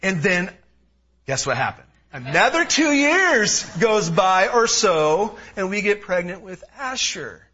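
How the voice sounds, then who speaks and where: A man in his thirties preaching an expository sermon, emphatic and animated, with personal asides. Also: high voice, takes it slowly, husky. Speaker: pastor. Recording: dull lo-fi sound.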